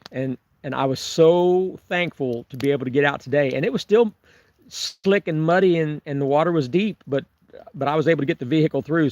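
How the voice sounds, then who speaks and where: A man's voice: on the high side, dry recording. A man doing a casual livestream from a remote forest campsite, answering viewer comments in a rambling way with chuckles and restarts. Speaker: Bigfoot researcher vlogger. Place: camping on remote forested property.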